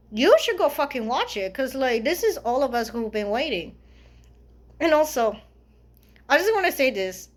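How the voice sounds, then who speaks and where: A young woman vlogger chatting casually about a film she saw. She rambles, swears freely and laughs often. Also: on the high side. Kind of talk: casual chat.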